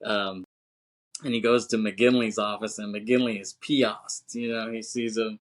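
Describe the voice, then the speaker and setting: A man co-hosting a podcast, casually recapping a film scene by scene, rambling with lots of fillers, laughing often and acting out quotes in a louder, higher voice. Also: level tone, unhurried. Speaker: podcast co-host. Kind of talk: casual movie recap chat.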